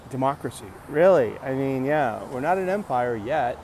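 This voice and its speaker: A man vlogging in a casual rambling monologue outdoors at a bus stop, halting and restarting words, with jokey asides. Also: medium pitch, lively intonation, a little mellow. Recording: busy street noise around the mic. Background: passing traffic.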